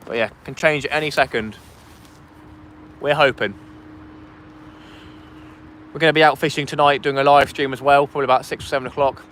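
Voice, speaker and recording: Brief: male fishing streamer, mid pitch, chatty, outdoors on a phone, faint background noise. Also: steady tone, fairly quick, pauses often, a bit bright. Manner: chatty, reads out chat and thanks donors. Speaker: fishing livestream host. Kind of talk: casual live-stream chat. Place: outdoors by the sea wall. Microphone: phone streaming vertically.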